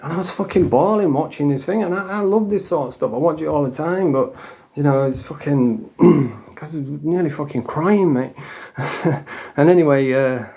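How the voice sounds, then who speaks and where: Sweary Northern English man with a dark voice. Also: fairly high pitch, moderate pace, vocal fry. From England. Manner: rambling, sweary and emotional, with frequent "you know what I mean". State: coming off drugs. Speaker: vlogger. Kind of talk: casual storytelling monologue.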